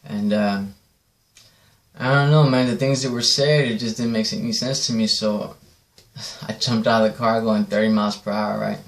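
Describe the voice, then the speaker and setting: A man's voice: fairly low pitch, fairly even intonation, moderate pace. A man casually telling a rambling personal story, swearing often and checking in with "right?". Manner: profane, rambling, repeats "right?". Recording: echoey room.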